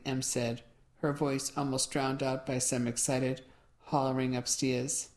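Low-voiced woman reading a mystery novel. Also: level tone, a little slow, a little mellow. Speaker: audiobook narrator. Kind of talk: first-person audiobook narration.

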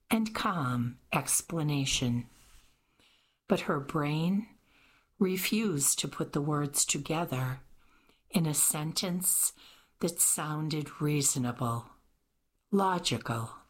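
A woman narrating a cozy mystery audiobook in a measured, steady read. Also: sits low. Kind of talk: scripted narration.

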